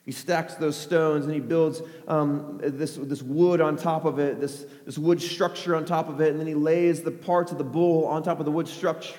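A man preaching a sermon, retelling a Bible story in a lively way with frequent "right?" asides and a hush for quoted lines. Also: a little high, fairly quick, few pauses. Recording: echoey hall with long reverb.

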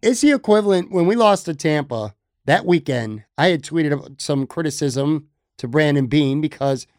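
Excitable male sports podcast host. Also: on the high side, moderate pace, no room sound, studio quality. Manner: excitable, self-admitted knee-jerk reactor. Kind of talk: casual sports podcast chat.

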